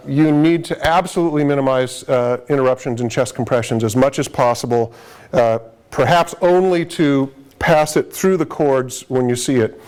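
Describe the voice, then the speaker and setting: A man's voice: on the high side, darkish tone, clear, resonant tone. A man giving a conversational live lecture to paramedics, stressing key points with frequent restarts. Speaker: emergency medicine lecturer.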